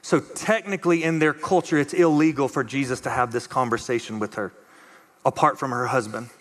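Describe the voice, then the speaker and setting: A man preaching a conversational, animated sermon as pastor, acting out the voices of the people he quotes. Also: medium pitch, fairly quick, in a large hall. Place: church auditorium.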